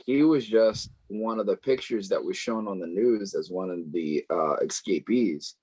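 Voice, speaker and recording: A man's voice: lowish voice, a little slow, a little mellow, no room sound. A man co-hosting a podcast, recounting the plot in long run-on stretches in casual chat. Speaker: podcast co-host. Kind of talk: casual movie review chat.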